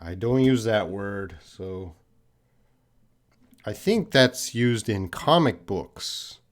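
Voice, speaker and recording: Canadian guy teaching english live, talks real slow and patient, chatty, keeps repeating examples. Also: lowish voice, expressive.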